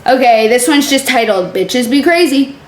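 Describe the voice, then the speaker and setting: A woman's voice: sits high, lively intonation, moderate pace. A young woman hosting a reaction video, talking in a sarcastic, profane, exasperated way. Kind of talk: casual reaction commentary. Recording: roomy echo with faint background hum.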